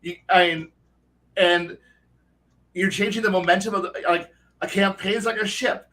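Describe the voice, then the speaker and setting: A man's voice: high-pitched, fairly even intonation, moderate pace, pushed and bright. A man on a podcast panel for dungeon masters, talking in a rambling, profane, casual way with many restarts. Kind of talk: casual chat. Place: podcast recording.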